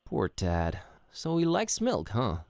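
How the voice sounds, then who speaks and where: A man's voice: medium pitch, wildly swooping pitch, takes it slowly, vocal fry, a little mellow, dry recording, heavily acted. A man voicing a laid-back, wisecracking adult adventurer in a game, recorded as dry studio voice-over. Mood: curious. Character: wry easygoing male adventurer, adult. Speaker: game character.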